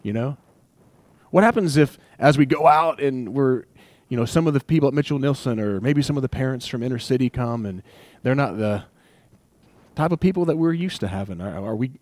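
A young man preaching a sermon in a casual, conversational way, animated and joking, slipping into little acted asides. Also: medium pitch, brisk, no echo. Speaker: pastor.

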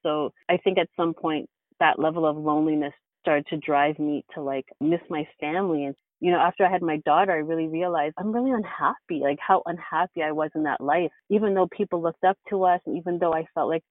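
A woman with a low-sitting voice recounts her life story as an interview guest, speaking a little fast with few pauses. She's earnest and reflective, laughing in sudden bursts, and the phone-like line sounds tinny and dry with no echo.

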